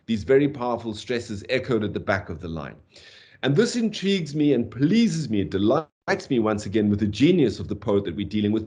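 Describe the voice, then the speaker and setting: A man giving a university lecture on poetry, animated, tapping out rhythms aloud and saying "okay" often. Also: on the low side. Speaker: literature lecturer.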